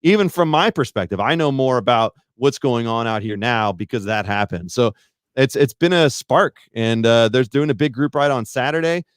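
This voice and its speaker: A man's voice: medium pitch, expressive, normal speed, clean tone, dry recording, studio quality. A man, a podcast guest, chatting casually in a rambling, self-deprecating way that hedges a lot. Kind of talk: casual chat.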